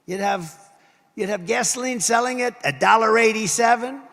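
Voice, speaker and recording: Older guy yelling a campaign speech at a rally, pretty high voice, big echoey arena sound. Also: moderate pace, a little hiss or hum. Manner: emphatic, repetitive, punchy lists. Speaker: political candidate at a rally. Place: large rally venue. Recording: long reverb from a large venue.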